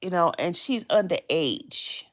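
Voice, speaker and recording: A woman's voice: lowish voice, expressive, a little slow. A woman hosting a casual live stream, chatting in a rambling way and often repeating phrases.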